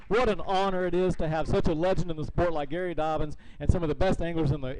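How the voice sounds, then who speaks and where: A man's voice: on the high side, a little mellow, a little hiss or hum, poor audio. A man emceeing a live fishing tournament weigh-in outdoors, upbeat and promotional as he reads out weights. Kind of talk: live event hosting.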